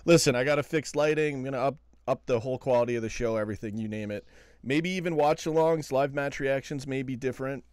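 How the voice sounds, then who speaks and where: A man hosts a late-night live stream from his computer at home, relaxed and chatty, with easy laughs between remarks. His voice sits in a middle pitch. The sound is dry and close, with no room echo. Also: fast, smooth. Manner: chatty and laid-back, laughs often. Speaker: host of a live call-in fan show.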